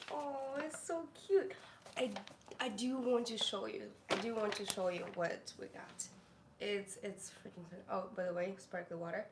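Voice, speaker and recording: Woman streamer, higher voice, slow rambling chat, echoey room with faint hiss. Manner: chatty and rambling, cooing baby talk to her dog. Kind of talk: casual live-stream chat.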